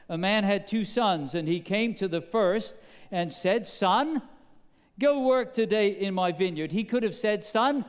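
High, smooth-voiced preacher in a reverberant hall. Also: male voice. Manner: asks the congregation questions, animated and emphatic. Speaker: pastor. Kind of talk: sermon.

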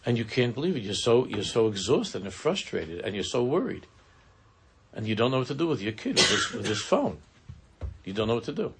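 A man teaching a Chassidic text in an earnest, halting, conversational way, dropping in Hebrew and Yiddish terms. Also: medium pitch, very animated, a little hiss or hum. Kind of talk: conversational Torah class.

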